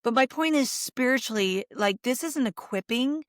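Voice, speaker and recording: A woman's voice: high-pitched, normal speed, no room sound, studio quality. A middle-aged woman, a Catholic speaker and author, talking as a guest in an interview and telling stories with acted-out quotes. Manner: animated storytelling, acts out quotes. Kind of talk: conversational interview.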